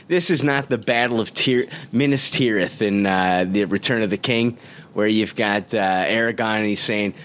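A man's voice: medium pitch, fairly bright tone. A man hosting a podcast in casual chat, ranting in an exasperated, profane way. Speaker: podcast host.

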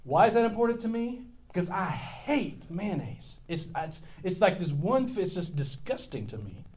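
A man's voice: sits high, very animated, normal speed, darkish tone. A middle-aged male pastor preaching a sermon in a casual, storytelling way, with self-deprecating humor and big swings in volume.

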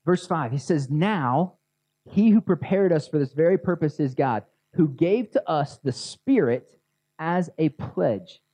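A man's voice: fairly high pitch, expressive, a little slow, mellow, no room sound. A man preaching a sermon in a casual, conversational way, guiding his listeners to imagine scenes. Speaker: pastor. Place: outdoors near a grassy area with children. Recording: dull lo-fi sound.

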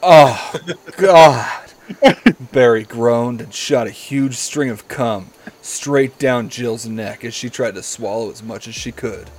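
A man's voice: medium pitch, fairly even intonation, measured pace, few pauses, a little mellow. Giggly man reading a story aloud. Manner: giggly, breaks into laughter while reading. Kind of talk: comedic dramatic reading.

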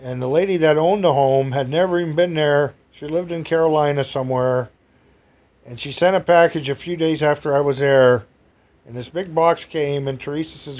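A storyteller with a slightly high, somewhat mellow voice speaks at a moderate pace. He rambles through a personal anecdote for an audience, chatty and meandering, bursting into exclamations and chuckles.

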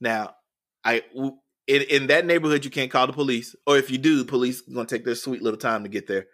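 A man's voice: medium pitch, fairly quick, fairly bright tone. A man, an educator and interview guest, telling a story in a podcast interview with earnest, repeated phrasing. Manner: earnest, repeats words while building a story.

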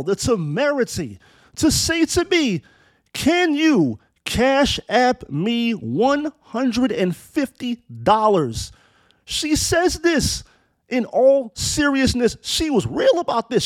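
This commentator, a man in his thirties, delivers a blunt, profane monologue mixed with storytelling straight into the mic. His fairly high voice swings up and down as he drives each point home. The sound is dry and close, with no room sound at all.

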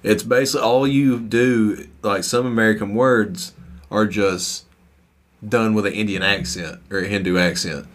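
A man's voice: fairly low pitch, steady tone, normal speed. A man co-hosting a podcast in casual chat, rambling and swearing freely, laughing often. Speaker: podcast co-host.

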